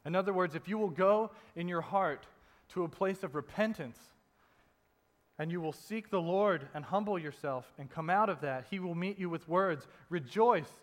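Man preaching in a reverberant hall. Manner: conversational preaching, drops soft and low for emphasis. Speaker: pastor. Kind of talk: sermon.

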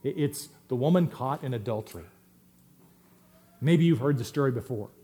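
A middle-aged man preaching a sermon as pastor, swinging between loud emphatic stresses and quiet asides. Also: mid-range voice, animated, moderate pace.

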